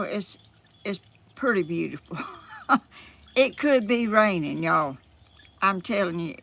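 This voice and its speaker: A Southern woman chats slowly and folksily on a phone live stream outdoors, a little out of breath. Her voice is bright but gravelly, full of fillers and easy laughs. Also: medium pitch. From Georgia, US South. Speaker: vlogger.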